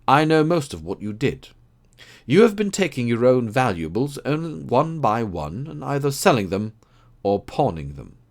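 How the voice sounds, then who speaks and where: A man's voice: medium pitch, big pitch swings, normal speed, voice pushed up. A man reading an audiobook, voicing a keen, precise male detective who explains his deductions. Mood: assured. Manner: crisp, assured, explaining.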